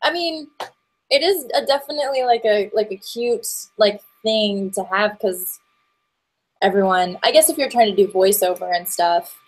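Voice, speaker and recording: Rambling young actress guest. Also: female voice, mid-range voice, moderate pace, low-quality recording. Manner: rambling, many fillers and restarts, stop-start. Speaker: guest, actress and voiceover performer. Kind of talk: casual interview chat.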